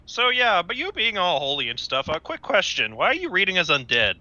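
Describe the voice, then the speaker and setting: A man playing a tabletop game, chatting with his party in a joking, lively way. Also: high voice, brisk, no room sound, highs cut off. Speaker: player. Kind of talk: casual tabletop game chat.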